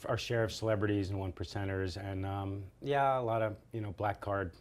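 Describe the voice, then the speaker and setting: A deep-voiced middle-aged man, a chef, talking as a guest on a show. His speech is laid-back and rambling, and he fills it with "you know". He sounds easygoing and unhurried. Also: fairly even intonation, a little hiss or hum. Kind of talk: casual interview chat.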